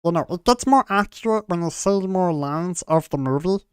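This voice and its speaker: A man's voice: sits high, lively intonation, moderate pace, clean tone, no room sound, studio quality. A man chatting casually on a live stream, rambling and trailing off, with a quirky way of talking. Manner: rambling, trails off and restarts often; talks with many quirks, by his own account.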